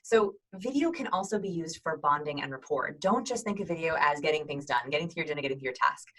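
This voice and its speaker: A woman's voice: low-pitched, quick pace, poor audio. A woman in her thirties hosting an upbeat instructional video, talking energetically and acting out sample greetings. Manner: energetic, demonstrates voices and greetings. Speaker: host giving video call tips.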